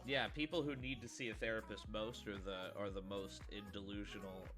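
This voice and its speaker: A man's voice: fairly low pitch, flat delivery, brisk, over music. A man hosting a reaction video, rambling casually with many restarts and laughs. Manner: rambling, repeats words, laughs often.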